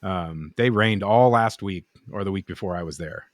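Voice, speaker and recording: A low-pitched man speaks at a moderate pace in studio quality with no room sound. As a podcast co-host and knifemaker, he rambles casually through stories, dropping swear words and acting out what people said.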